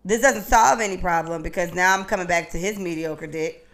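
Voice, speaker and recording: A woman's voice: fairly low pitch, a little fast, a bit bright. A woman co-hosting a podcast in casual chat, telling stories bluntly and crudely. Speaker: podcast co-host.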